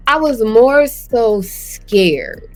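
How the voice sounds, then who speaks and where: A woman's voice: on the high side, lively intonation, drawn-out words, a little mellow, faint music behind. A woman guest in an interview, speaking candidly and conversationally about her own experience, often voicing her past thoughts aloud. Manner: earnest, conversational, drops into quoted thoughts. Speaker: guest, cancer survivor. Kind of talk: candid personal storytelling.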